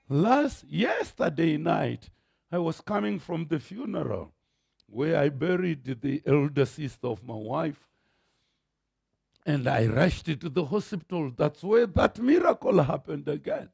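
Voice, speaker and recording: Gravelly Zimbabwean pastor preaching. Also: male voice, a little high, unhurried, no echo, studio quality. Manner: animated storytelling preacher, rising to shouts. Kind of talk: sermon. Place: church.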